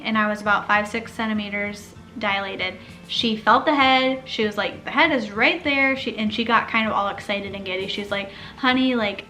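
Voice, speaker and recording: Young woman, high-ish bright voice, chatty storytelling, acts out the quotes. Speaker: vlogger telling her birth story. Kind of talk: casual storytelling.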